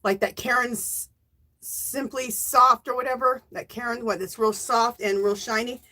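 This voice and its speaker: Chatty American woman, livestream host, bright higher voice, talks straight to her viewers. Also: steady tone, a little slow. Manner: chatty, exclaims loudly, talks to viewers as "girl". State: coughing and teary after choking on water. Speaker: livestream host giving away yarn. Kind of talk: casual livestream chat.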